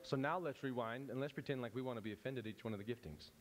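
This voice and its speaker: A man teaching at a church service, animated and playful, often breaking off and restarting as he acts out examples. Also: mid-range voice, quick pace, slight background noise. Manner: animated, self-interrupting, playful. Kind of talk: church teaching with acted-out scenes.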